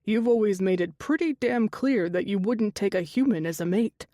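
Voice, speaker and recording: A woman's voice: mid-range voice, normal speed, warm tone, lightly acted. A woman reading the part of a teasing young male panther-shifter tattoo artist, wry and chatty, in an audiobook.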